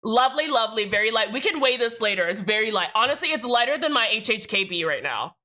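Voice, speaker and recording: Sassy, bright-voiced young woman streamer. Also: fairly high pitch, expressive, fast talker. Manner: sassy, profane, joking with chat. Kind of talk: casual live-stream chat.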